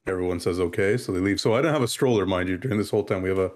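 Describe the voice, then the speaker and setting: A man in casual chat, telling an animated story and acting out the exchanges he quotes. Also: deep voice, racing.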